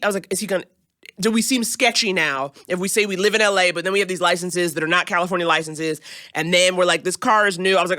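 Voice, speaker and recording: A woman on a comedy podcast, spinning a story with lots of energy and acting out each person's voice as she goes. Her tone is bright and forward, and the studio sound is close and dry. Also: lowish voice, fast, no room sound. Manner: animated, acts out voices while telling a story. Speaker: podcast guest.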